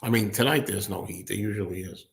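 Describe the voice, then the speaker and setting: A man's voice: on the low side, quick pace, gravelly, fairly bright tone. A man hosting a casual solo livestream. He answers viewer comments indoors at a table with a laptop, rambling, thinking aloud and laughing often. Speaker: host.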